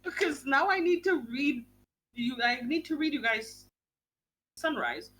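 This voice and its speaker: A young woman hosting a book club stream in casual chat, talking in a quick, gushing way and swearing casually. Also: sits high, expressive, a bit bright, slight background noise.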